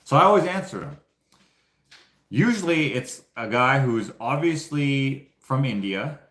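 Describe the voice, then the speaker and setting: A man's voice: medium pitch, expressive, measured pace, a bit bright. A Canadian man telling casual, rambling stories to his viewers, laughing often. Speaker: YouTuber. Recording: echoey room.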